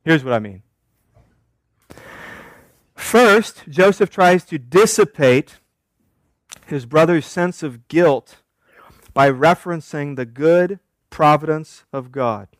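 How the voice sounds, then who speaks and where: A man's voice: on the high side, animated, slow, long pauses, no room sound. A man preaching an expository sermon, emphatic, asking rhetorical questions and answering them himself. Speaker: pastor.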